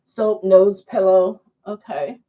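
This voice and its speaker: A woman vlogger with a medium-pitched voice chats casually to the camera, slow and drawn-out, often breaking into fits of giggling laughter. The audio sounds dull.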